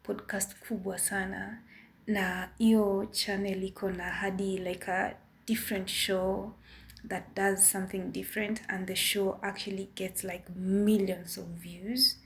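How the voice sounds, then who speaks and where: A woman with a Kenyan accent giving a careful opinion in a casual vlog, measured and a bit apologetic. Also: mid-range voice, flat delivery, gravelly, a little hiss or hum. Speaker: vlogger.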